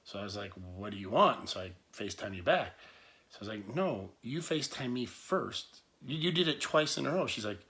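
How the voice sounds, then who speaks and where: A man's voice: mid-range voice, lively intonation, a little fast, a bit bright. A man telling a rambling personal story to camera, full of restarts, asides and laughs. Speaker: vlogger.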